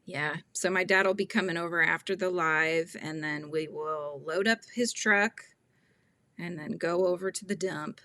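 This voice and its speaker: A woman's voice: lowish voice, unhurried, bright, forceful tone. A woman in her thirties hosting a casual crochet livestream, chatting and often laughing as she acts out quotes. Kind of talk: casual chat while crocheting, reading viewer comments.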